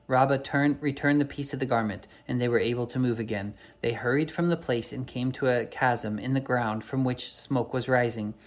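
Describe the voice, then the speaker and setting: A man's voice: medium pitch, normal speed, few pauses. A man reading an old storybook aloud, unpolished, with occasional slips and self-corrections.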